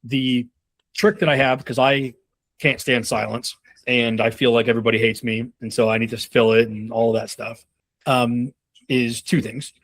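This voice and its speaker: A man's voice: mid-range voice, flat delivery, normal speed, a bit bright. A man in his thirties coaching on a call, casual and rambling, with many fillers and restarts. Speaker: sales leadership coach.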